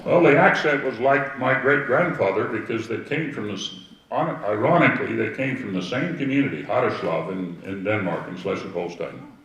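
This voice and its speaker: Older man, low gravelly voice, anecdotal storyteller heard from afar in a roomy space. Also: normal speed, fairly bright tone. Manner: rambling anecdotal storytelling with asides. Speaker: speaker telling family history. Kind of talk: storytelling talk to a gathering. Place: outdoor history event with audience. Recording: echoey, distant from the mic.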